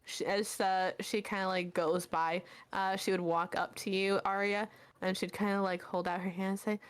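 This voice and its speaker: Quick, animated woman game master. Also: mid-range voice, clear, resonant tone. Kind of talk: narrating a tabletop game.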